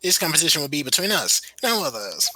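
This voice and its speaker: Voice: medium pitch, sing-song, fast, pushed and bright, slight background noise, low-quality recording. A performer voicing a formal, theatrical male gambler in a fan-voiced game playthrough. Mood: mysterious. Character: smooth male card-playing gambler.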